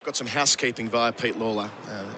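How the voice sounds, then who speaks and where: A man doing ball-by-ball radio cricket commentary, brisk, lifting his voice to call each delivery. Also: fairly low pitch, noisy background.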